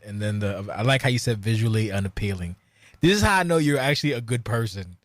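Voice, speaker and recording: A man's voice: on the low side, quick pace, no echo, clean studio sound. A man hosting a podcast interview, jokey and loose, laughing along with his guest. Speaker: podcast host. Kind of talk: casual chat interview.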